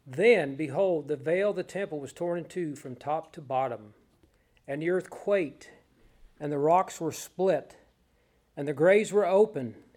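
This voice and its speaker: A man reading Bible passages aloud in a measured, solemn way, pausing between phrases. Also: on the high side, darkish tone. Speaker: scripture reader.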